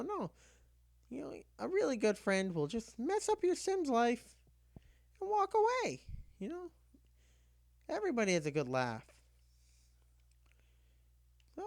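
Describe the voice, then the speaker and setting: Woman storyteller, high lively voice, casual comic anecdote, plays out her own lines, dry close sound. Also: no echo. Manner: animated, constantly saying "you know".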